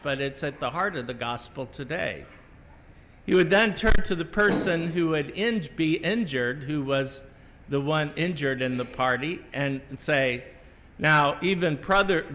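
A middle-aged man from the American Midwest giving a homily as a Catholic priest, telling a story in a measured, reflective way with small restarts. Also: on the high side, a bit bright, slight background noise. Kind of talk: sermon. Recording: long church reverb.

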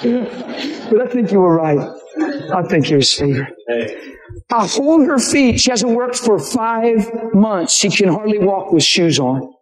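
A man preaching an animated sermon, telling stories and acting out the people in them, laughing often. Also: sits high, measured pace. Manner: excitable, acts out quoted people, laughs often. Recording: roomy live venue recording.

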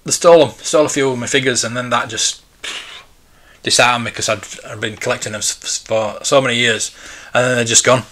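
A man's voice: mid-range voice, fairly even intonation, fairly quick, fairly bright tone. A man in his forties, hosting a casual live stream and chatting in a rambling, nostalgic way. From United Kingdom. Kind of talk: casual live-stream chat, reading viewer comments.

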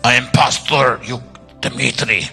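A man voicing a burly, gruff Ukrainian pastor with a slow, gangster-like manner. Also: medium pitch, steady tone, sharp tone, in a large hall, soft background music, pitched below the performer's own voice, heavily acted. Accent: Ukrainian (put on). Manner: heavy, slow, gangster-like delivery.

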